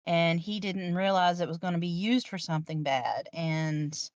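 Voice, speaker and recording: A woman chatting slowly and agreeably about a book she enjoyed. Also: on the low side, no echo. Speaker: book reviewer co-host. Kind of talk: casual chat. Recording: dull, dry lo-fi mic.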